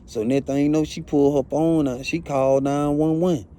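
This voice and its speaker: A man's voice: fairly high pitch, fairly even intonation, normal speed, dark tone. A man telling a first-hand story in blunt, profane, casual talk, often asking "you know what I'm saying". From Atlanta.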